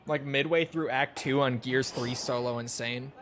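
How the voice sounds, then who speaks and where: A man's voice: medium pitch, fairly even intonation, moderate pace, a bit bright. A young man from Minnesota streaming a game, chatting loosely and joking with frequent swearing. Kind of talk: casual gameplay stream chat. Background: game music.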